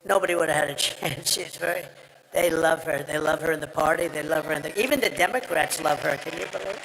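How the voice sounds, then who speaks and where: Worn-out gravelly guy rambling and bragging at a rally, highish voice, long echo in a big venue. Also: fast, fairly bright tone. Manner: rambling and boastful, with repetitions. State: strained, tiring voice. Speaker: political speaker at a rally. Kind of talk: campaign rally speech. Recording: reverberant venue with crowd noise.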